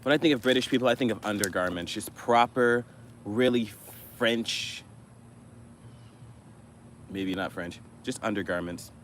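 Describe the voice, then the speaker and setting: A man's voice: on the low side, a little slow, long pauses, fairly bright tone, slight background noise. A man hosting a food review live stream, chatting casually and joking with viewers. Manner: joking, playful banter with the chat.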